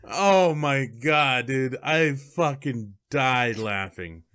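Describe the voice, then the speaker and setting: A man's voice: mid-range voice, moderate pace, sharp tone. Profane, laughing man recapping movie jokes. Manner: profane, laughing, acts out quoted scenes. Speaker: movie review co-host. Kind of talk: casual spoilery movie review chat.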